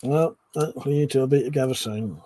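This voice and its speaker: A man's voice: medium pitch, quick pace, dark tone. A man hosting a casual live stream, joking and swearing freely as he chats to viewers. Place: indoors at home, seated low in a chair.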